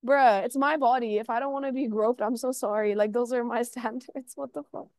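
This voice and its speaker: Animated young woman telling stories. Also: on the high side, brisk, no room sound. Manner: animated storytelling, acts out quotes, frequent "like". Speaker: artist guest. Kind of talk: casual podcast chat.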